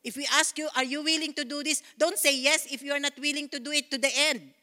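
A woman pastor preaches with fervent repetition and bursts of praise. Her voice sits high and sounds bright and forceful. A long hall reverb trails each phrase, as in a church sanctuary. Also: fairly even intonation, fast. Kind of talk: sermon.

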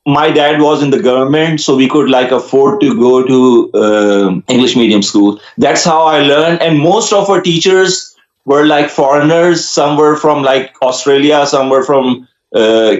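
A man with a Pakistani accent, a native Urdu speaker, answering interview questions earnestly and often pausing with fillers. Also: medium pitch, steady tone. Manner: earnest, hesitant with frequent uh fillers. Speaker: musician guest. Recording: roomy, dull lo-fi sound.

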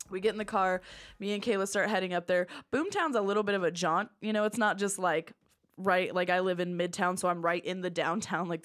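A young adult woman hosting a podcast, telling a story in casual, profane, animated chat that often runs fast. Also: on the low side. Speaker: podcast host.

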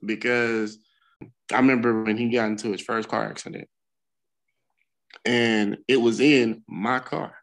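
A man's voice: mid-range voice, little pitch movement, measured pace, gravelly, long pauses, a bit bright, poor audio. A middle-aged man, a podcast co-host, talking candidly in casual chat and swearing freely as he tells a story. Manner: candid, profane storytelling with bursts of laughter.

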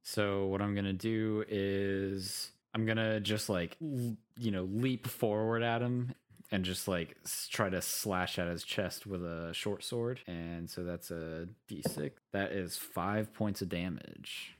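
A man's voice: low voice, steady tone, slow pace. A man playing a tabletop game, talking hesitantly with lots of likes and ums and asking about the rules. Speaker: player. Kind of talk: casual tabletop play.

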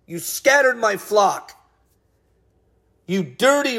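An upset male pastor in full sermon, his voice sitting high for a man. He scolds and hammers each point, jumping between quiet asides and loud, heated outbursts. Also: animated, a little slow. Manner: heated, scolding, emphatic preaching with sudden swings of loudness. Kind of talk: fiery sermon.

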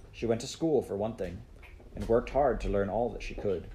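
Male audiobook narrator, measured storybook reading, mellow low voice. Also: lively intonation, gravelly, a little hiss or hum, poor audio.

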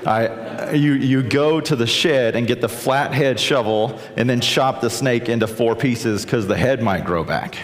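A preacher from South Carolina delivers a sermon retelling a scripture story in a chatty, conversational way, often checking in with listeners by asking "right?". His mid-range voice is measured with few pauses, and he's heard in a large hall.

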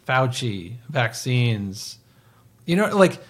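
A man in his forties co-hosting a podcast, talking in a rambling, casual way with lots of fillers and soft trailing endings. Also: mid-range voice, big pitch swings, slow pace, slightly rough. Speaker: podcast co-host. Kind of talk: casual chat.

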